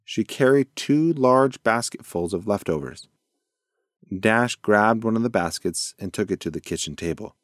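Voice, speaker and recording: A man reading a children's bedtime story aloud in a gentle, lively storytelling way. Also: lowish voice, normal speed, no echo, studio quality. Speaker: narrator.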